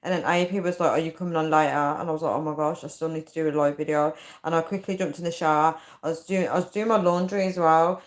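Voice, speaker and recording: A woman's voice: low voice, steady tone, fast talker, hardly any pauses. Tired, chatty woman in her thirties. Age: 30s. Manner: chatty and giggly, often breaking into laughter. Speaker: livestream host. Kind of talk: casual live-stream chat reading viewer comments.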